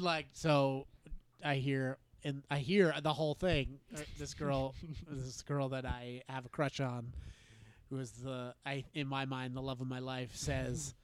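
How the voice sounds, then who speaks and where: A man telling a story in casual chat, halting and self-deprecating, laughing often. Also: medium pitch, flat delivery.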